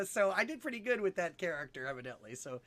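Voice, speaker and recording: A man's voice: high-pitched, very animated, brisk, a bit bright. A man chatting casually and telling a dirty joke, rambling, laughing often and acting out the voices.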